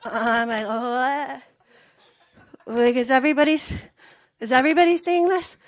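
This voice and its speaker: A woman with a high voice tells a long personal story. She swears freely, rambles and gets animated as she tells it. She sounds like she is in her thirties. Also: brisk, rough recording. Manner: profane, rambling, animated retelling.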